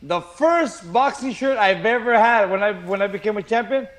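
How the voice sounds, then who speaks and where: Stammering high-voiced man, laughing. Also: moderate pace, fairly bright tone. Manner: laughing, stammering, repeats himself. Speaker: former boxing champion guest. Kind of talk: casual joking podcast chat. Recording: faint noise with clicks.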